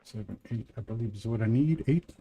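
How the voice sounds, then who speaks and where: A man's voice: lowish voice, brisk, mellow. A man from the Midwest with a Midwestern twang, chatting casually with viewers while playing a game on a livestream, rambling between game moves. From American Midwest. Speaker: livestream gamer host. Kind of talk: casual live gameplay chat.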